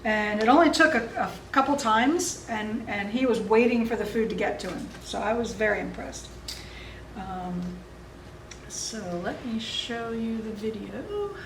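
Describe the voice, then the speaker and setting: A woman's voice: on the high side, animated, unhurried, noisy background. A woman dog training instructor explaining exercises in a friendly, easygoing way, chuckling often. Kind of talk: instructional seminar talk. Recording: roomy, distant mic.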